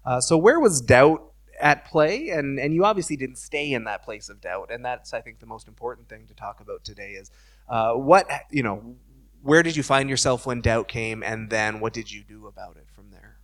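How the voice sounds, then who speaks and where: A man's voice: mid-range voice, expressive, moderate pace, fairly bright tone. Casual: guy pastor chatting with someone on stage at church, kinda preachy but conversational. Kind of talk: church interview.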